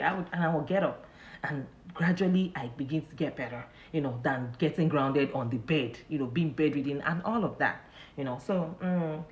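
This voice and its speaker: A woman with a low voice speaking at normal speed hosts a casual live motivational talk, chatty, loose and repetitive with heavy "you know" fillers. She often breaks into laughter at her own stories, and the recording sounds roomy and muffled.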